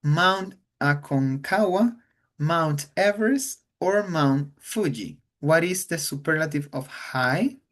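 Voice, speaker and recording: Man teaching English, unhurried and careful, repeats words so students hear them. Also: a little high, animated, fairly bright tone. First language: Spanish. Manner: slow, patient, repeats words to model pronunciation. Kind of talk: online English class.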